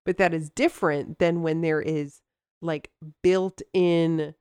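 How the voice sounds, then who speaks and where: A woman's voice: low voice, steady tone, slow pace, warm tone, clean tone, no echo, studio quality. A woman co-hosting a podcast in casual chat, bubbly and rambling, laughing often as she talks. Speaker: podcast co-host.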